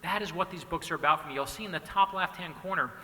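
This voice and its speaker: A man's voice: a little high, fast talker, sharp tone. A man in his forties, an author giving an earnest, passionate keynote that he tells as a string of stories. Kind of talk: inspirational speech with storytelling. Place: large banquet hall. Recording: reverberant hall.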